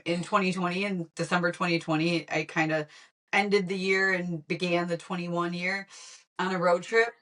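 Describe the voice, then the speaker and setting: A woman guest in a casual conversation, lively and laughing often, trailing off mid-sentence. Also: fairly low pitch.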